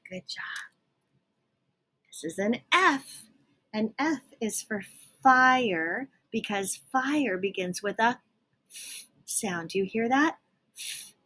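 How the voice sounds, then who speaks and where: A young woman teaching young children letter sounds, slowly and patiently sounding out each letter. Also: a little high, pushed and bright. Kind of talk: phonics lesson for young children.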